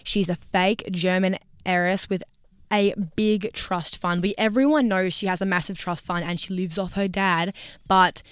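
A woman co-hosting a podcast in casual chat, talking in a chatty, bubbly way with quick asides. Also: fairly low pitch, little pitch movement, smooth, no echo. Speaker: podcast co-host.

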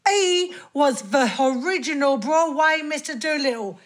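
A woman's voice: sits high, a little slow. A woman co-host giving playful, scripted banter in a joking mock-Cockney way. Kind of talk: scripted radio chat.

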